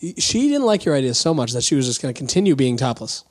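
A man in casual podcast chat, playful and quick to laugh as he quizzes his co-host. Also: mid-range voice, sing-song.

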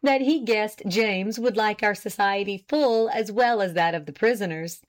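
A woman's voice: medium pitch, normal speed, natural voice. Woman reading as a motherly jailer's wife, amused and homely, storybook. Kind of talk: audiobook character reading.

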